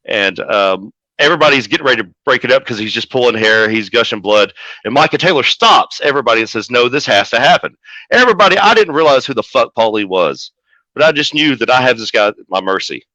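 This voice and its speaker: Bright-voiced man telling a profane brawl story. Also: mid-range voice, fast, dry recording, lo-fi sound. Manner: profane, animated storytelling with acted-out quotes. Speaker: wrestling manager guest. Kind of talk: casual storytelling interview.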